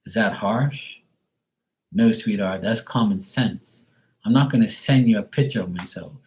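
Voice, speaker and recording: A man's voice: on the low side, measured pace, darkish tone. A man who reads tarot, ranting casually and bluntly on a live stream, swearing freely. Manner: profane, exasperated, blunt. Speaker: tarot reader.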